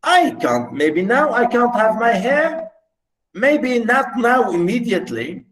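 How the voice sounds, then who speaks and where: Unhappy young wife, pleading and insistent, read by a man, slow and high. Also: sing-song, a bit bright, roomy sound, far from the mic, heavily acted.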